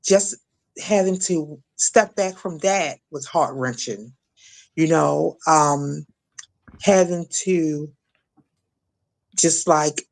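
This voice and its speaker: A middle-aged woman from Maryland giving an emotional personal testimony as an interview guest, halting, repeating words and acting out what others said. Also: low-pitched, gravelly. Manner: halting, repeats words, acts out quoted voices. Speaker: guest, shooting survivor.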